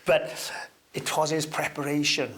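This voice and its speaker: An older man from Wales, a guest on an interview, reminiscing in a relaxed anecdotal way with hesitant fillers and sudden lifts in pitch. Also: unhurried, vocal fry.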